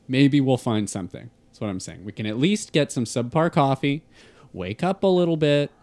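A man from Toronto, taking part in an improvised tabletop role-play, polite and halting. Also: medium pitch, expressive, a little mellow. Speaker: player.

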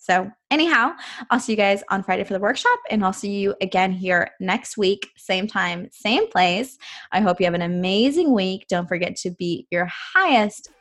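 A woman's voice: medium pitch, lively intonation, normal speed, fairly bright tone. A young adult woman hosting a solo podcast in a casual, earnest monologue, with lots of "um" and "like". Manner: chatty, earnest, many fillers like "um" and "like". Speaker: podcast host and personal trainer.

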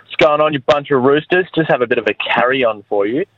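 A man's voice: medium pitch, a little fast, dry recording, highs cut off. A man with an Australian accent leaving an indignant, ranting call-in message to a podcast. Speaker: caller.

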